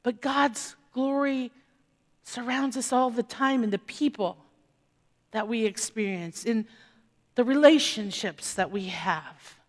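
A fairly high-voiced woman pastor preaches, her voice ringing with long reverb through a church sanctuary. She talks in an easy conversational way and keeps asking the congregation questions. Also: slow. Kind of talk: sermon.

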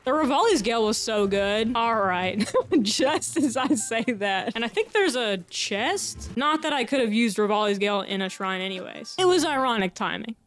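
A woman with a fairly high voice chatting her way through a video game. She is excitable and jokey, swears freely and talks to herself as she plays. Faint game music runs underneath. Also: moderate pace. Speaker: gaming YouTuber. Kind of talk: casual gameplay commentary.

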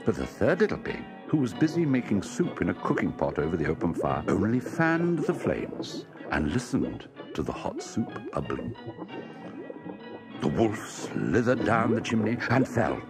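A man narrating a children's story in an expressive, sing-song reading style. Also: on the low side, normal speed. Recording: music playing underneath.

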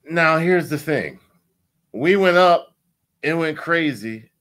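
A man casually breaking down crypto price charts, animated and repetitive, swearing now and then. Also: slow pace. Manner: animated, repetitive, swears, sweeps between loud and low.

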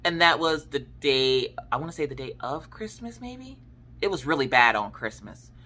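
A woman in her thirties with a deep voice hosts a craft channel, talking at normal speed. She chats casually and tells family stories in slangy, animated speech, acting out her relatives' lines.

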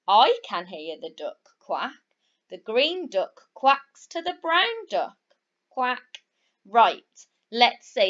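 Woman teacher doing phonics, super slow, sounds out letters then blends, cheery praise, kinda high voice. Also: big pitch swings, fairly bright tone. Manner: upbeat, encouraging praise. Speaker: primary school teacher. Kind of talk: phonics lesson for young children. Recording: slightly dull, lo-fi recording.

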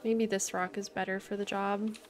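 A woman's voice: medium pitch, level tone, normal speed. A young woman livestreaming a zoo-building game, chatting casually, thinking aloud and greeting viewers in chat. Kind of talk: casual gameplay commentary.

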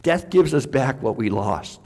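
A man's voice: mid-range voice, lively intonation, measured pace, a little mellow. A man preaching a conversational sermon as a pastor, full of restarts, who sometimes drops almost to a whisper.

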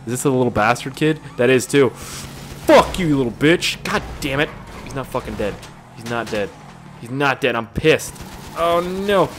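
A young adult man giving casual, jokey gameplay commentary, rambling and swearing with excitable outbursts. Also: mid-range voice, moderate pace, faint music behind. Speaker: gaming YouTuber. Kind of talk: casual let's-play commentary.

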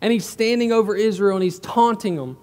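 A male pastor preaches a sermon in a relaxed, storytelling way, leaning on emphatic asides. His voice is fairly high, and it rings out through a church sanctuary with a long reverb tail. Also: fairly quick.

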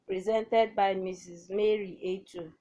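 A woman teacher giving a formal televised lesson, reading out each point of her outline in a measured, deliberate way. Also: mid-range voice, fairly even intonation, mellow.

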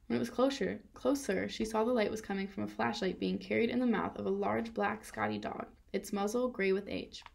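A woman reading a children's novel aloud in a steady storytelling manner. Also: medium pitch, brisk, gravelly, few pauses. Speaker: reader.

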